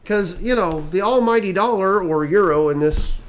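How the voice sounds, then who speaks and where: A man's voice: sits high, moderate pace, slight background noise. A man co-hosting a comedy news podcast, reading stories and throwing in sarcastic wisecracks. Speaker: podcast co-host. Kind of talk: casual comedic news chat.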